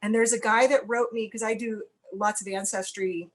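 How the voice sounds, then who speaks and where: With a medium-pitched, steady voice at a moderate pace, a Cincinnati-born actress from the United States rambles as a guest in a casual interview chat. Her talk is full of "like"s and self-corrections, with dry, blunt humor.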